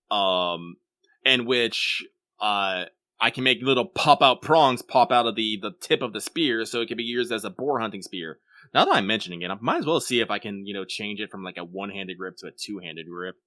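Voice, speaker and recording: A man rambles through casual podcast banter, swearing now and then and restarting his sentences. His voice is bright and ringing, and it moves a lot in pitch. The recording is close and dry. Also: no echo. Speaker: podcast co-host. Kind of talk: casual chat.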